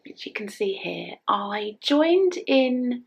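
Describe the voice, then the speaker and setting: Middle-aged English woman, casual knitting vlog chat, gravelly and lively, tearful and soft-spoken. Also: a little high, slow, highs cut off. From England. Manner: chatty, emotional, soft-spoken, drops to whispers. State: emotional, close to tears. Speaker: knitting vlogger.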